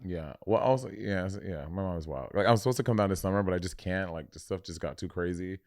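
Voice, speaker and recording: A man's voice: low voice, fast, a little mellow, no room sound, studio quality. A man in his thirties co-hosting a podcast, chatting casually and teasing his partner. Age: 30s. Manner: teasing, laughs often. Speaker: podcast co-host. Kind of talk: casual chat.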